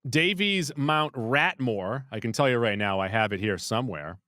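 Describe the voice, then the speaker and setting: A man's voice: mid-range voice, animated, moderate pace, pushed and bright, dry recording, studio quality. A man co-hosting a movie podcast, chatting casually and playfully. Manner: playful, jokey, rattles off lists. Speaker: podcast co-host. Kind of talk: casual chat.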